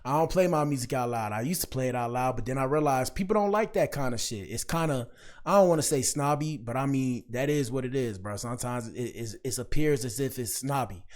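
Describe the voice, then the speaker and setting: A man's voice: mid-range voice, expressive, fairly quick, darkish tone. A young man giving casual, preachy reaction commentary in slangy talk, speaking straight to his viewers. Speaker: commentary streamer.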